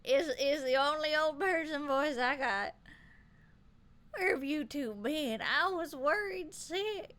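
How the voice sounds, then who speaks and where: A woman's voice: sits high, expressive, takes it slowly, a bit bright, exaggerated voice. A woman doing a quavering worried old mother.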